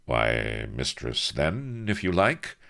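A flustered gentleman captain who hedges and stays stiffly polite, as a man puts him on. The voice is very deep and gravelly, with a lively rise and fall. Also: takes it slowly, exaggerated voice. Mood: guarded.

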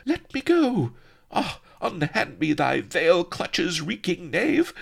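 A man voicing a pampered young debutante woman in a squealing, melodramatic falsetto, in a storybook reading. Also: huge pitch swings, takes it slowly, vocal fry, breathy edge, exaggerated voice. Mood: outraged wailing.

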